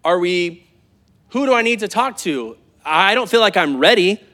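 A man in his thirties, a pastor preaching to a live congregation in a church, conversational and animated, calling out to the crowd. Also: high-pitched, moderate pace. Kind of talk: sermon.

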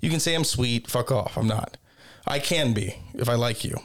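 A man's voice: mid-range voice, moderate pace, a bit bright. A man in casual podcast chat, telling rambling stories full of swearing. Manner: profane, rambling storyteller.

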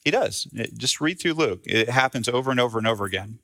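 A man's voice: medium pitch, lively intonation, quick pace, gravelly, fairly bright tone. A male pastor preaching a sermon in a conversational, storytelling way.

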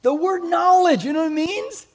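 A man's voice: very high voice, moderate pace, darkish tone. A man preaching a sermon to a congregation in a church, conversational and playful, often asking the room questions. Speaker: pastor.

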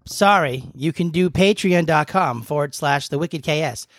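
A man's voice: fairly high pitch, normal speed, a bit bright, no room sound, studio quality. A man co-hosting a podcast, giggly, breathless and swearing in casual banter. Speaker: podcast co-host.

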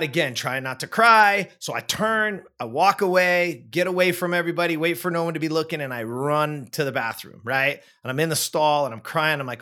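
A man in his forties telling a personal story in casual chat, animated, repeating words and acting out what people said. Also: fairly high pitch, fairly quick, few pauses.

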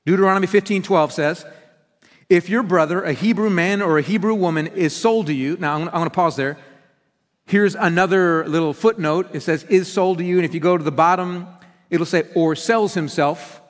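A man's voice: high-pitched, normal speed. A man preaching a sermon as pastor, earnest and teaching, with emphatic stresses. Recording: reverberant hall.

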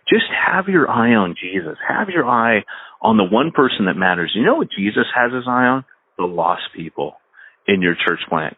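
A man co-hosting a podcast about church planting, telling anecdotes in an animated, casual way and laughing at his own stories. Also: lowish voice, breathy edge, no room sound. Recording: phone-like, dry sound.

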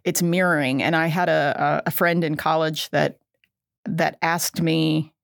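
A woman's voice: low voice, steady tone, measured pace, creaky, no echo, clean studio sound. A middle-aged woman co-hosting an educational podcast, chatty and self-deprecating, laughing at herself often. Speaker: podcast co-host. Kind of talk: casual educational podcast chat.

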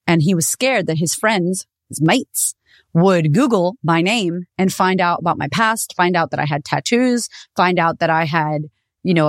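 A woman podcast host telling a personal story in a candid, animated way, with some swearing. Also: on the low side, no room sound, studio quality.

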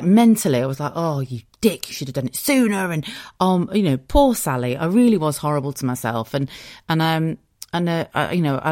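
A woman's voice: lowish voice, darkish tone, dry recording, clean studio sound. A woman in her late thirties hosting a solo podcast, talking frankly and emotionally, swearing freely and laughing at herself. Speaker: podcast host. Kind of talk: candid solo podcast confession.

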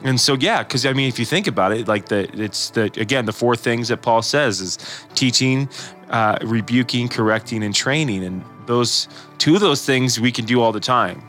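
Bright-toned man chatting loosely. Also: medium pitch, normal speed, faint music behind. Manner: rambling, many restarts, acts out quotes. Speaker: podcast co-host. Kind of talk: casual chat.

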